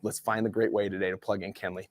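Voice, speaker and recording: A man's voice: fairly low pitch, little pitch movement, fast, no room sound, studio quality. A man in his forties from Utah, a guest speaker giving a motivational talk with personal stories in a casual, rambling way. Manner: casual, rambling storyteller with many fillers.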